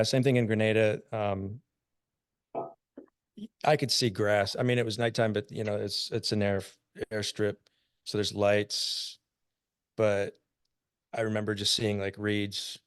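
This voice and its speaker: A lower-voiced American man in his fifties tells old stories in an easy, chatty way, chuckling as he goes. His voice comes through smooth and resonant. The sound is dry and close. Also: no room sound. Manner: laughs often while telling war stories. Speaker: podcast guest, army veteran. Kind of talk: casual storytelling.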